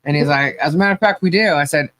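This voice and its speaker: A woman's voice: low voice, racing, fairly bright tone. A woman co-hosting a podcast, telling stories in casual chat, acting out quoted dialogue and laughing often. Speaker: podcast co-host.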